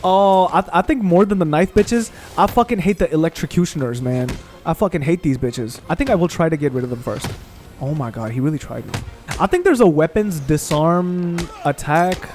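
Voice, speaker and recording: Excitable, foul-mouthed young gamer man. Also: fairly high pitch, normal speed, a little hiss or hum. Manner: excitable, profane, trash-talks game enemies. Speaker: gaming channel host. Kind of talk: casual gameplay commentary.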